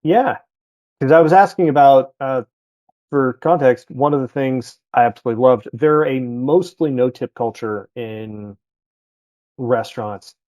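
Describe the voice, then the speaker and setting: A man's voice: medium pitch, measured pace, darkish tone, dry recording, highs cut off. A man, chatting casually as a podcast guest about his travels, rambling and correcting himself as he goes.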